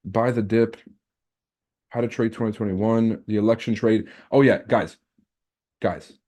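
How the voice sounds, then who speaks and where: A man's voice: on the low side, fairly even intonation, a little slow, warm tone. A man hosting a live trading stream, chatting casually, brash and teasing as he reads out the chat and swears freely. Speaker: trading livestream host.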